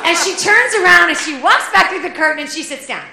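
A woman in her forties telling a comic personal story, lively and animated, acting out the voices of the people in it. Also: very high voice, brisk, vocal fry, heavy background noise. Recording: echoey room with faint ambience.

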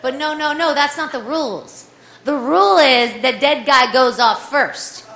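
Woman, 40s, comic storyteller; high, bright voice, animated delivery, echoey room. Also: unhurried. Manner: lively, animated, acts out voices of others. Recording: echoey room with faint ambience.

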